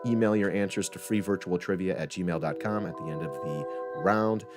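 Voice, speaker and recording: A man's voice: low-pitched, normal speed. Joking male trivia host, music behind. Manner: joking, rambling, self-correcting asides. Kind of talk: casual live-stream trivia hosting.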